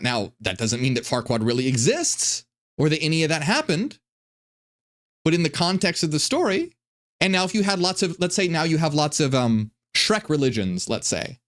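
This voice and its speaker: A man hosting a casual reaction commentary, talking in an animated, profane way and often restarting his sentences. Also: on the high side. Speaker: commentary host.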